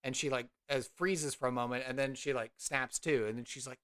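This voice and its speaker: A man narrating his character at a tabletop game in a loose, rambling way. His voice sits at an ordinary middle pitch, full of "like" and "uh". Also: moderate pace, few pauses, fairly bright tone, smooth. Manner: rambling, many fillers. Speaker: player.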